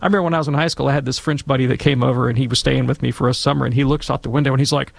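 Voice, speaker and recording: Gravelly, chatty man from Alabama. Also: medium pitch, fairly even intonation, dry recording. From Alabama, USA. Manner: chatty, rambling, quick to joke. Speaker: guest expert answering questions. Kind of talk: casual explanatory radio talk.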